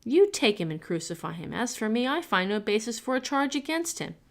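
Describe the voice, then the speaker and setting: A woman reading the lines of a stern male Roman governor in a Bible reading, questioning and measured. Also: fairly high pitch, very animated, gravelly, pitched above the performer's own voice.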